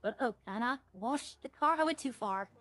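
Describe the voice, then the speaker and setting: A woman's voice: a little high, moderate pace, dry recording. Chatty woman streamer, close dry sound. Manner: rambling, chatty, animated when retelling stories. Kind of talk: casual chat while streaming a role-play game.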